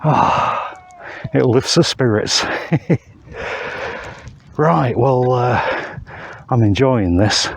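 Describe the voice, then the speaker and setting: A man's voice: medium pitch, expressive, drawn-out words, vocal fry, pauses often. Hiking vlogger, man, easygoing pace, chatty and self-deprecating, puffing a little, handheld camera outdoors. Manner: chatty, with fillers and self-mocking asides. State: a bit out of breath from walking uphill. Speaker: wild camping vlogger. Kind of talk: casual vlog while hiking. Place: outdoors on hillside moorland.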